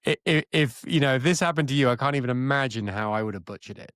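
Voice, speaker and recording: A man's voice: mid-range voice, fast, a bit bright, clean tone, no room sound, clean studio sound. A middle-aged man co-hosting a podcast in a genial, casual chat, sometimes hesitant. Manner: genial, hesitant, wraps up the show. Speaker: podcast co-host, former cast member.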